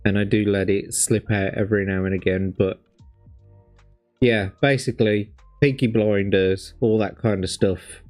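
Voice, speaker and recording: Birmingham man, light accent, low voice, rambling sweary streamer, faint music behind. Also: fairly even intonation, unhurried, darkish tone. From Birmingham, England. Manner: rambling, sweary, full of fillers. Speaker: streamer reviewing old adverts. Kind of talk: casual commentary.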